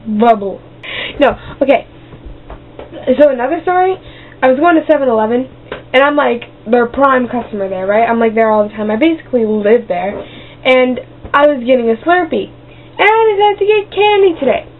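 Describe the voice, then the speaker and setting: A woman's voice: on the high side, expressive, moderate pace. A woman telling rambling, silly stories as a vlogger, bouncing between tangents and throwing in sound effects and goofy voices. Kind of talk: rambling comic storytelling. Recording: tinny lo-fi webcam audio with faint hiss.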